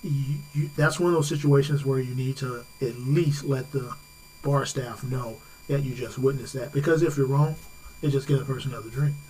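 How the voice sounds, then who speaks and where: A man's voice: medium pitch, fairly even intonation, moderate pace, a little mellow, a little hiss or hum, rough recording. A man giving safety advice on a talk radio show, talking conversationally, laughing easily and restarting his sentences. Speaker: safety expert guest.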